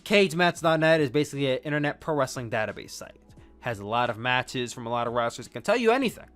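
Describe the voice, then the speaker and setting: A man's voice: mid-range voice, big pitch swings, quick pace, a bit bright, soft background music. A man hosting a podcast, giving an enthusiastic, rambling wrestling review with restarts. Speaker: podcast host.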